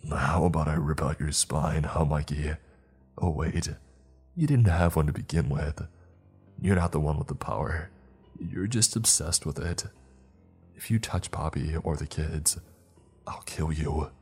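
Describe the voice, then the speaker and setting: A frail young male captive pleads in a cracked, raised voice and then turns to cold taunting, as a man reads him out. Underneath sits a very deep, husky voice. It is a dark horror story read aloud. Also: unhurried, long pauses, faint music behind, full character voice. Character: broken, desperate young man prisoner.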